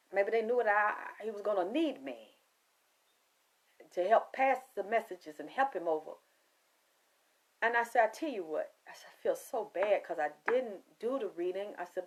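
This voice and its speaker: A woman psychic reader, telling a story in a casual monologue, cursing often and quoting herself and others. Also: medium pitch. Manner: profane, emphatic, quotes herself and others.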